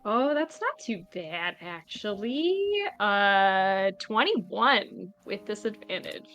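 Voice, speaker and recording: A woman's voice: mid-range voice, expressive, slow, fairly bright tone, soft background music. A woman playing a tabletop game, casually explaining rules to the others. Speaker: player.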